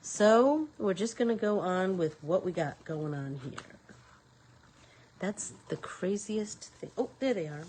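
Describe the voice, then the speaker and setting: A woman's voice: medium pitch, animated, slow, a little mellow, a little hiss or hum, low-quality recording. A woman hosting a live painting tutorial, talking casually to viewers and to herself as she works. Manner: talks to herself while working, rambling. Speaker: craft show host.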